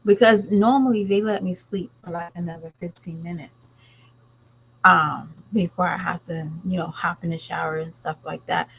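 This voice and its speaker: A woman's voice: fairly low pitch, fairly even intonation, normal speed, vocal fry, fairly bright tone, a little hiss or hum, low-quality recording. A woman vlogger and mother talking straight to her viewers in a blunt, rambling, casual way. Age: adult parent. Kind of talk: casual commentary chat.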